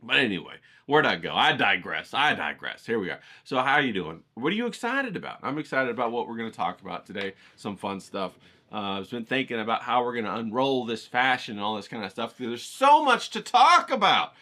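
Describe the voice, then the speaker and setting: A man's voice: medium pitch, big pitch swings, a little fast, pushed and bright. A man hosting an art livestream, talking in a rambling, folksy, digressive way. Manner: digressive, folksy, says "you know what I'm saying". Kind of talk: rambling casual monologue.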